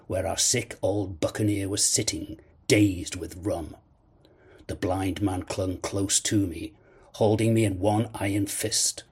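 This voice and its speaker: A man narrating a classic adventure novel in a measured storytelling manner. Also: on the low side, darkish tone, slightly rough. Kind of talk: audiobook narration.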